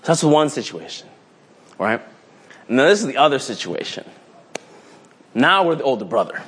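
A man's voice: mid-range voice, moderate pace, husky. A man preaching a casual, playful sermon, telling a story and often restarting his phrases. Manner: animated, rambling with restarts, playful.

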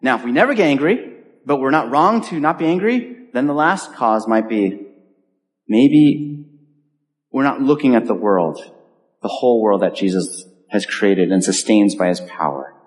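A man preaching a sermon in an earnest, conversational way, with pauses and restarts. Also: mid-range voice, animated. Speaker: pastor. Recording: long hall reverb.

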